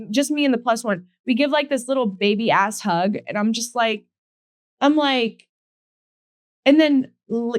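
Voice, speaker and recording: A woman in her late twenties hosting a podcast, telling a story in casual chat, animated and profane, jumping higher when she quotes people. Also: no room sound, clean studio sound. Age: late 20s. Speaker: podcast host.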